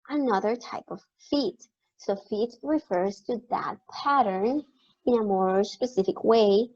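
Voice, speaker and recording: A woman teacher giving a recorded online lecture, explaining step by step and repeating key words slowly. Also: mid-range voice, darkish tone. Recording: dull lo-fi recording.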